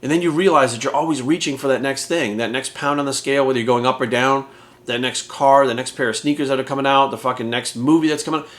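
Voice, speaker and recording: An American fitness coach in his forties delivers a candid motivational monologue packed with swearing, blunt and emphatic throughout. His voice sits at a medium pitch with a fairly bright tone, and he talks fast with fairly even intonation.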